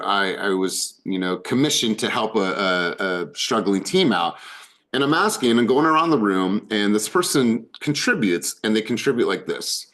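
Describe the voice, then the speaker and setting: A man's voice: on the low side, a bit bright. Enthusiastic male sales coach on a call. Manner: enthusiastic, emphatic, repeats words for effect. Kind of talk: energetic group coaching call. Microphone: video call.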